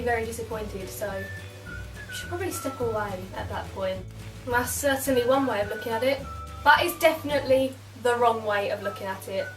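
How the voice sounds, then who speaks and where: Sarcastic British woman, roomy and distant. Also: a little high. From United Kingdom. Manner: dry, sarcastic, quick asides. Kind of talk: comic explainer vlog. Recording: roomy sound from away from the mic.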